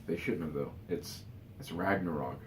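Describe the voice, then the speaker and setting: Man, very low voice, rambling casual rant, lots of fillers, echoey room, faint background noise. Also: normal speed. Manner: rambling, many "you know" fillers and restarts. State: tired. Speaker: vlogger.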